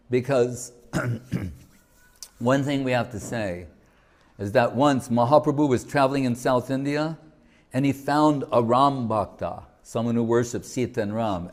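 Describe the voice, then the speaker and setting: A man teaches a spiritual class, retelling a sacred story in a loose, joking, conversational way. He speaks at an unhurried, slow pace and often restarts his sentences or breaks off into asides. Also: mid-range voice, a little mellow. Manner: joking, chatty, full of restarts. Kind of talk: casual storytelling talk to an audience.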